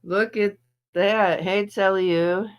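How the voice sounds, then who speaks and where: A middle-aged woman hosts a casual livestream, rambling along and greeting viewers one by one. She talks slowly and unhurriedly, at a pitch that is neither high nor low, and she sounds a little off from some pain. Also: fairly even intonation. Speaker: livestream host reacting to videos.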